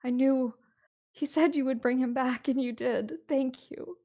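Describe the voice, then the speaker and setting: A woman voicing an elderly wife who is tearful and overjoyed, speaking in a high, breathless, emotional way. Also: fairly even intonation, a little slow, warm tone. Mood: earnest.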